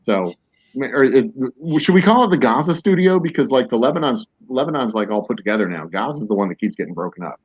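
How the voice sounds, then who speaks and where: Jokey rambling man with a lively voice. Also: mid-range voice, fast talker, breathy edge. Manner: rambling, jokey riffing with mock-serious tangents. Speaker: podcast host. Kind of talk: casual chat. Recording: dull lo-fi, dry.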